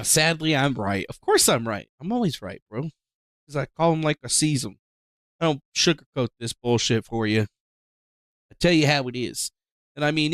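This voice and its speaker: A man's voice: a little high, a bit bright, no room sound, clean studio sound. Profane ranting streamer guy. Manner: profane, sarcastic, sighing. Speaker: livestream host. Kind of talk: rambling livestream rant.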